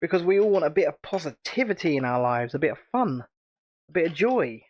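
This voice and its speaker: A man's voice: fairly high pitch, expressive, brisk, lo-fi sound. A British man hosting a casual livestream chat, chatty and rambling, and laughing often. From United Kingdom. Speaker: channel host.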